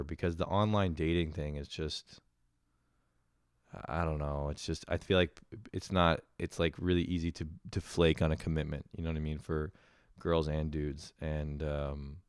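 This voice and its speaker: A very deep, smooth male voice delivering a profane, sarcastic rant straight into a close mic. The sound is dry, with no room echo. He talks loosely and casually, like a podcast host complaining to his listeners.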